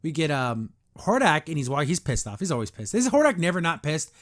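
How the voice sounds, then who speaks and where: High-voiced exasperated male podcast host. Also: big pitch swings, fairly quick, fairly bright tone. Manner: exasperated and sarcastic, frequent "like" fillers. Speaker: podcast host reviewing a cartoon. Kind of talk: casual review commentary.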